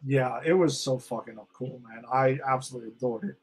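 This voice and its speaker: A man co-hosting a podcast, excitedly reviewing a TV episode in casual chat, swearing freely and acting out quoted lines. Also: mid-range voice, a little fast, slightly rough. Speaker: podcast co-host.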